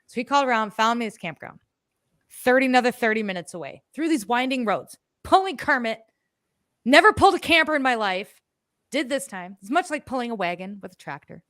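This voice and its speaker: Animated, swearing woman telling a story. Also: on the high side, a little fast, no echo, studio quality. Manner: animated, swears freely, acts out her own past words. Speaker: podcast co-host. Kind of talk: casual storytelling chat.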